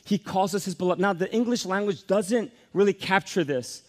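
Speaking at a normal speed, a man in his forties delivers a sermon as a pastor. His emphatic style swings between quiet, soft moments and energetic high points.

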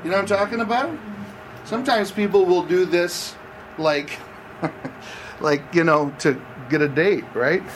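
Guy giving a casual sermon, high voice, kinda far from the mic, faint hiss. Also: a little slow, pauses often. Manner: conversational, asks the audience questions. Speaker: campus pastor. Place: room with seated audience.

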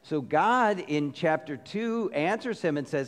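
A man preaching a sermon as a pastor, casual and conversational, with lively asides as he retells a story. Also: fairly high pitch, a little slow, few pauses. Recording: long reverb of a large hall.

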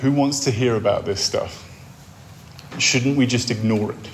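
A course speaker gives a talk on a faith course, telling stories in a wry, conversational way with dry asides and imagined scenes that draw listeners in. His voice is at an ordinary middle pitch and his pace is measured, with a little hiss or hum in the recording.

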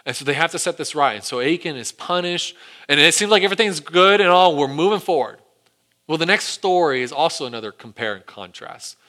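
Bright-voiced preacher telling a story. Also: male voice, mid-range voice. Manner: animated storytelling with acted quotes. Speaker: pastor. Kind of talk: sermon.

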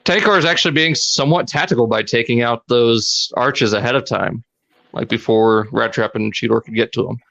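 A man co-hosting a podcast in casual chat, laid-back, chuckling, with halting starts. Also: medium pitch, gravelly, a bit bright, highs cut off. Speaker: podcast co-host.

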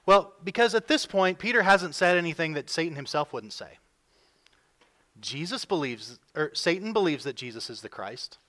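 A male pastor delivers a sermon with a voice sitting a bit above the usual for men. He leans hard into his points, then falls back to a hushed tone before rising again. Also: a little high, expressive, moderate pace. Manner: emphatic preaching, voices quoted figures with rising force.

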